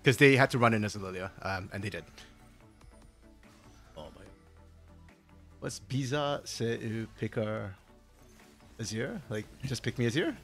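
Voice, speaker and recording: A man's voice: on the low side, animated, moderate pace, pauses often, a bit bright, soft background music. A man co-casting an esports stream in a laid-back, wry casual chat. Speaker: esports co-caster.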